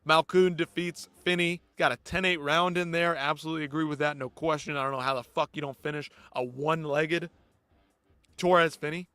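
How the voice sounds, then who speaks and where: A man's voice: fairly high pitch, steady tone, a little fast, bright, forceful tone, smooth, no echo. A man hosting a live post-fight show, ranting bluntly and with heavy swearing. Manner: blunt, profane, exasperated ranting. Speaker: host.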